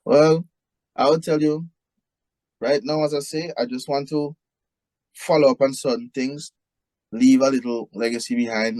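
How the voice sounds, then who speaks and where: A music producer from Union Island in St. Vincent and the Grenadines, with a Vincentian accent and lowish voice, speaks as a guest in a casual interview. He's relaxed and easygoing, dropping "you know" into his sentences constantly. The sound is dry and close, with almost no room echo.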